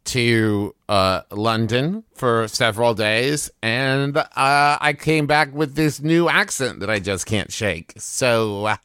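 A man's voice: mid-range voice, takes it slowly, few pauses, a bit bright, clean tone, no room sound, clean studio sound. A man co-hosting a comedy podcast, mischievous and hedging with lots of uhs. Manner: hesitant with many uhs, mischievous. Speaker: podcast co-host.

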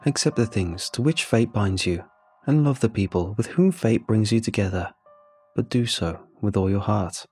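A man narrating a scripted horror story in calm, measured first-person storytelling. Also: on the low side, husky, faint music behind.

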